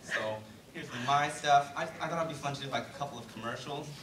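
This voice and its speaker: A man's voice: medium pitch, a little fast, noisy background. Teenage guy doing stand-up in a roomy hall. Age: late teens. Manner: chatty, self-deprecating, many fillers. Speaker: student stand-up comic. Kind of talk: stand-up comedy routine. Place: school auditorium. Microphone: handheld mic on stand, heard from far. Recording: echoey hall from far off, loud crowd. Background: loud crowd laughter.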